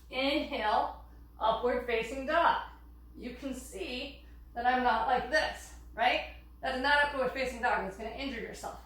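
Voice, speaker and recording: A woman instructor calmly cueing breaths and yoga poses while demonstrating, a little out of breath. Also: high voice. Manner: calm cueing of breath and poses, occasional laughs. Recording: very echoey room, distant mic.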